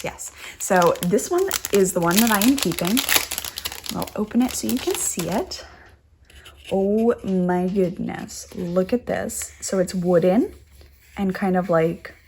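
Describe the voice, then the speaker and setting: A woman's voice: medium pitch, expressive, takes it slowly, a little mellow, husky. A young woman hosting a knitting podcast, chatting casually and gushing over crafts she shows. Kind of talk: casual show-and-tell chat.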